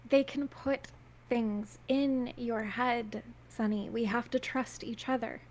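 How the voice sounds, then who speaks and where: A woman playing a tabletop roleplaying game, gentle and reassuring. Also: a little high, fairly even intonation, slow pace, slight background noise, low-quality recording. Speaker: player.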